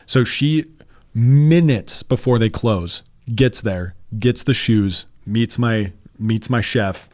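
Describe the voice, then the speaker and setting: A man, a podcast guest, telling his story in a rambling, halting way with many restarts. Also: medium pitch, a little mellow, no room sound. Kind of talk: casual storytelling interview.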